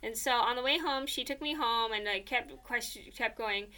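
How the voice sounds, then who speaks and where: A woman's voice: on the high side, normal speed, bright, forceful tone. A young woman casually telling a personal story, rambling with many fillers and repeated "blah, blah, blah.".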